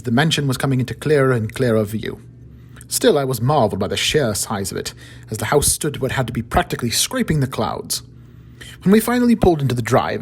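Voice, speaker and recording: Storyteller: man, calm measured narration, husky voice. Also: medium pitch.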